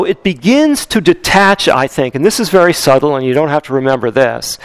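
Animated man preaching a sermon. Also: fairly high pitch, smooth, no echo, rough recording. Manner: animated, conversational preaching with fillers and repetition. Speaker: pastor.

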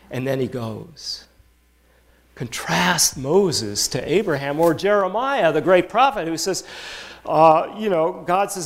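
A man preaching a sermon, telling Bible stories with animated emphasis that rises toward his points. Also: medium pitch, unhurried. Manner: animated storytelling, rising with emphasis. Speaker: pastor.

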